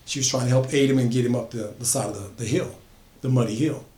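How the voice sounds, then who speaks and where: A man's voice: mid-range voice, steady tone, fast, darkish tone. A man casually telling an original horror story, building emphasis by repeating phrases. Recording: echoey room.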